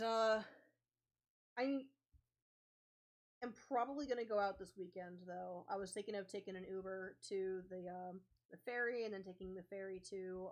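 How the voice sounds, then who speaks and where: A young adult woman casually telling a story while drawing, rambling with lots of filler words. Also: mid-range voice. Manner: rambling, lots of ums and likes. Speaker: comic artist vlogger.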